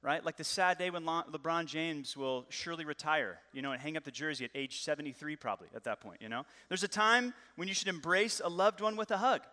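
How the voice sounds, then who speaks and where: Bright-voiced man preaching a lively sermon. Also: a little high, brisk, hardly any pauses. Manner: lively, joking and conversational. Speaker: pastor. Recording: long hall reverb.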